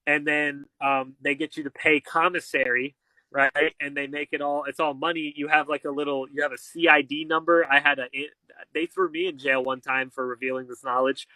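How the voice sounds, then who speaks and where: Bright-voiced man telling a story. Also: on the high side, moderate pace, no room sound, rough recording. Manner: animated, acts out quoted people. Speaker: interview guest. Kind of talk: storytelling in conversation.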